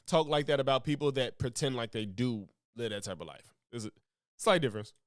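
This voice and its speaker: Blunt fast-talking man, cursing freely. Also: medium pitch, no echo, studio quality. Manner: blunt, profane, cuts in. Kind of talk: casual chat.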